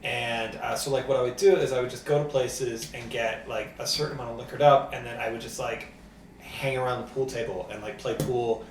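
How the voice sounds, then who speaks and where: A man's voice: medium pitch, steady tone, a little fast. Rambling young man, roomy distant sound. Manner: rambling, heavy use of filler words. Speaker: comedian podcast co-host. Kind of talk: casual storytelling. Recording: roomy sound, distant from mic, faint room noise.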